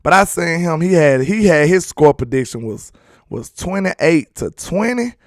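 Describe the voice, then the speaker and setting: A man's voice: fairly high pitch, lively intonation, measured pace, no echo, clean studio sound. A young man hosting a casual football livestream, talking loosely to his chat and laughing often. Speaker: sports channel host.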